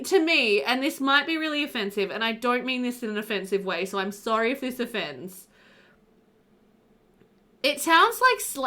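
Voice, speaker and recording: A woman's voice: high voice, fairly bright tone. A woman streamer chatting casually and animatedly with viewers while playing a game, often laughing.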